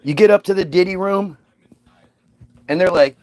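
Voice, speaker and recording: A man's voice: high-pitched, normal speed, long pauses, darkish tone. A man hosting a casual monologue, ranting scornfully and profanely, often repeating his words.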